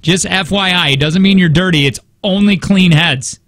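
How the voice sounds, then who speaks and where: A man's voice: high voice, normal speed, fairly bright tone, dry recording. A man co-hosting a radio show in the studio, telling stories in a chatty, rambling way with many restarts. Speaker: radio co-host. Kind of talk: casual morning-show banter.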